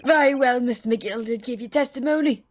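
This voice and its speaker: A woman's voice: a little high, normal speed, slight background noise, natural voice. A woman voicing a pompous male judge who scolds and presides over a trial. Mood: stern. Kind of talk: voicing game dialogue aloud.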